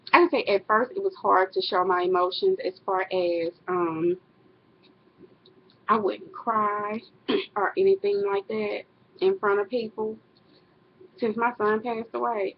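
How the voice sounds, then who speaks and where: A woman's voice: mid-range voice, slight background noise. A middle-aged woman, talking casually to camera in a personal vlog, rambling and correcting herself. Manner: rambling, self-correcting, laughs often. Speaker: vlogger. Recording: dull lo-fi webcam audio.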